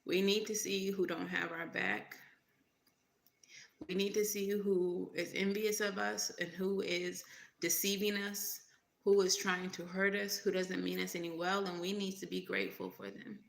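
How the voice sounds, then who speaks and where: A woman's voice: fairly low pitch, unhurried, gravelly, roomy sound. A woman tarot reader in casual livestream talk, emphatic, repeating her points and laughing often.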